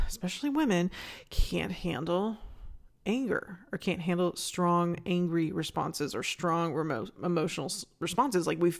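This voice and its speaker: Lively, intense woman podcaster. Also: deep voice, vocal fry. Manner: intense and passionate, with frequent restarts; candid and casual, swears freely. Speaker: podcast host. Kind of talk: solo podcast monologue.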